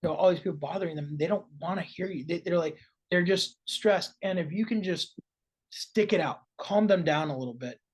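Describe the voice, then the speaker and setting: A man's voice: fairly high pitch, brisk, breathy edge. A man chatting casually on a podcast as a real estate investor, often tagging his points with "right?" and restarting phrases. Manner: conversational, frequent "right?" tags and restarts.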